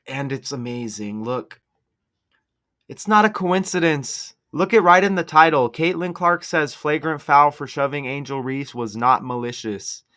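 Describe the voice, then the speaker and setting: A man's voice: medium pitch, measured pace, pushed and bright. A man hosting a casual video, commenting sarcastically over game footage and laying out number-cipher theories. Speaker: sports commentary video host.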